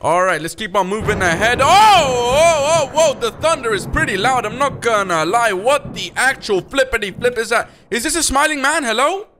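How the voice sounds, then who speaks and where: A young man hosting a gaming video, giving excitable, jumpy gameplay commentary and talking to his viewers. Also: extremely high pitch, moderate pace, few pauses, slight background noise.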